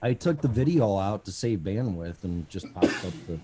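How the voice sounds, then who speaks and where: Profane, animated man hosting a stream. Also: on the low side, moderate pace, very noisy. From Colorado. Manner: profane, rambling, sarcastic. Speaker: host of a live talk stream. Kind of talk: casual live-stream talk show. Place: at home, audio only.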